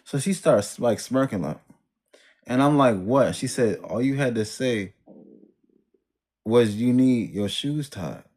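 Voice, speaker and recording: A man's voice: medium pitch, expressive, slow, long pauses, darkish tone. A man telling a personal story in a casual, rambling way, full of slang, restarts and trailing sentences.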